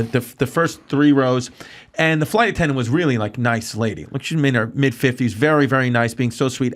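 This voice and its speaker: A male comedian guest telling a story animatedly in a studio, full of restarts. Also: medium pitch. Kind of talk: casual storytelling.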